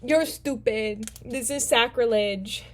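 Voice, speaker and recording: A woman's voice: a little high, slow. A woman voicing a stubborn male square who snaps back in outrage. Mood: indignant. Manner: outraged, dismissive retorts. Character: stubborn, indignant male square, easily angered.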